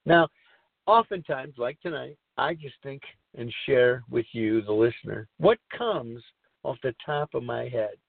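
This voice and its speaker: Middle-aged guy rambling earnestly about recovery, gravelly voice, dry close sound. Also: mid-range voice, lively intonation, measured pace, no room sound. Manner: rambling, earnest, repeats himself. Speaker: podcast host. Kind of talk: reflective recovery talk. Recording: tinny phone-like line.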